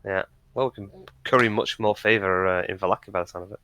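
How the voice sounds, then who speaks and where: A man's voice: deep voice, steady tone, quick pace, bright, forceful tone, smooth. A man playing in a tabletop game, chatting casually and asking eager questions. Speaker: player.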